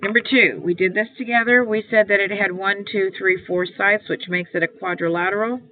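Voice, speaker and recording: A woman's voice: mid-range voice, steady tone, brisk. Tinny-sounding woman teacher explaining homework. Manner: patient, repetitive step-by-step explaining. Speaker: math teacher. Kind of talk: homework walkthrough lesson. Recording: tinny phone-like sound, faint hiss.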